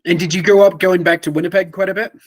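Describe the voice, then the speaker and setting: A man's voice: high-pitched, fairly even intonation, fast talker. A man as guest host of a podcast, interviewing a friend in a playful, enthusiastic, joking manner.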